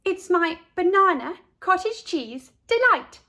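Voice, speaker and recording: A woman voices a cheerful, quirky young girl who is proud of her odd lunch, in a heavily acted performance pitched above her own voice. The delivery is very high-pitched, slow, pushed and bright, with big pitch swings.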